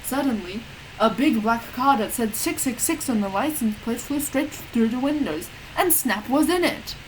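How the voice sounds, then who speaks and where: Brief: woman narrating a fanfic deadpan, slightly high voice, faint hiss. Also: normal speed, rough recording. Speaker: reader. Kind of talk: dramatic comic reading of a fanfic.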